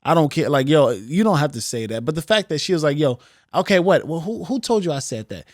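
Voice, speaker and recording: A young man with a slightly high voice co-hosts a casual podcast chat. He talks in an animated way, swears freely and slips into quick impressions of people. The sound is close and dry. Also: no echo. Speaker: podcast co-host.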